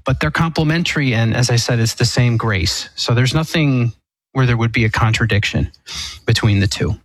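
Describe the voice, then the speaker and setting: A man, an Eastern Catholic priest, answering a caller's question on a radio call-in show in a measured, explanatory way with frequent restarts. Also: mid-range voice, no room sound, rough recording.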